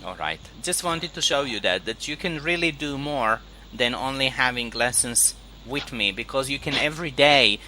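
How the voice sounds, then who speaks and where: Bright-voiced man teaching online. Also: mid-range voice, expressive, moderate pace, few pauses, slight background noise, poor audio. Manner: patient, repeats key words for the student. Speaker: English teacher. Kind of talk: online one-on-one English lesson.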